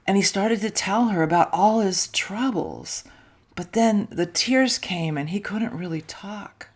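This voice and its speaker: A woman minister gently telling a children's story during a church service, soft-spoken and sometimes dropping to a hush. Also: medium pitch, a little slow. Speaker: intern minister.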